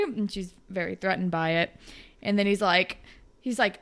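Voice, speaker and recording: A young woman co-hosting a podcast, retelling scenes from a show and acting out the characters in high voices. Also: normal speed, a bit bright. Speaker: podcast co-host. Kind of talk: casual chat recapping a TV show.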